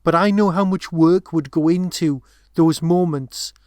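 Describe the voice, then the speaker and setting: A man's voice: on the high side, measured pace, darkish tone, no echo. Rambling man, dry close sound. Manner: rambling, many restarts and asides. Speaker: podcast co-host. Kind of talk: casual film discussion.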